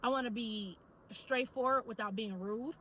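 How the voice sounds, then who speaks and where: High, bright-voiced chatty woman vlogger. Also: moderate pace, a little hiss or hum, low-quality recording. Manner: animated, chatty storytelling with lots of slang. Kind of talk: casual talk to camera.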